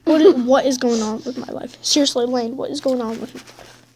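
High-voiced excitable young woman gamer. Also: brisk, a little hiss or hum. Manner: excitable, bursts into high squeals and drops to mutters. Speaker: gameplay commentator. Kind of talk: casual gameplay commentary.

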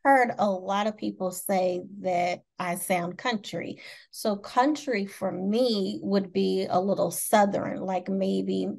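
A woman's voice: medium pitch, fairly even intonation, slow, vocal fry, a little mellow. Bubbly giggly midwest american woman hosting a chat show, normal mid voice. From Indianapolis, Indiana, USA. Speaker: talk show host. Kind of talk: casual interview chat.

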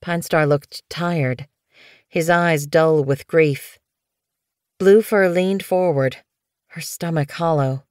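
A woman narrating an audiobook in a steady, even storytelling manner. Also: low voice, unhurried, smooth, dry recording, studio quality. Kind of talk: scripted narration.

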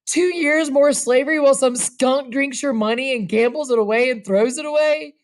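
A woman's voice: medium pitch, lively intonation, moderate pace, natural voice. A woman voicing a grieving old father with a cracked, strained voice. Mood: distraught.

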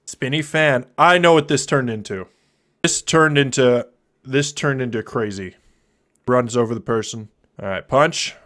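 A man's voice: mid-range voice, unhurried. A man in his thirties giving goofy, joking commentary on a live stream while playing a drawing game. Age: 30s. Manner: goofy, jokey, with sudden loud silly outbursts.

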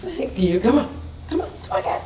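A woman's voice: medium pitch, animated, a little fast, noisy background. A woman coaxing children to turn and look for a picture. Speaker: parent or helper taking photos. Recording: echoey room, distant mic, crowd.

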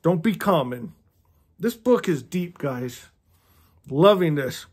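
A man's voice: on the high side, lively intonation, slow pace, a little mellow, slightly rough. A man in his fifties reading a novel aloud on his channel and breaking off for impassioned, preachy asides, chuckling often. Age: 50s. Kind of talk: earnest read-along commentary.

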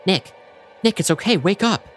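A man voicing a friendly young woman passenger, gentle and concerned, while reading a screenplay aloud. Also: fairly high pitch, expressive, moderate pace, faint music behind.

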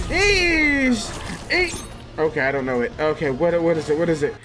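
A man doing gameplay commentary for a let's play, excitable, yelping and laughing, swearing freely. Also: a little high, a little slow, noisy background. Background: game music and fight sounds.

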